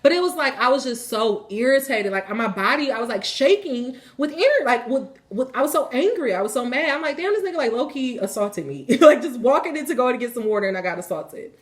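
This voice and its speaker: A woman hosting a spiritual reading, telling a personal story in casual, animated speech with lots of swearing. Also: high voice, brisk, hardly any pauses. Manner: animated, swearing freely, colloquial.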